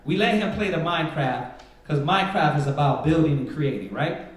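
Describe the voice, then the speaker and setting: A man with a slightly high, animated voice teaches a live Sabbath Bible class at a fairly quick pace, preaching emphatically and throwing out rhetorical questions. He sounds far from the mic in an echoey room.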